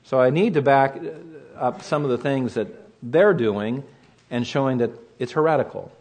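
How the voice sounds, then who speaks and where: A pastor giving a measured sermon, slowing down to stress key phrases as he reads and explains scripture. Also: mid-range voice, darkish tone.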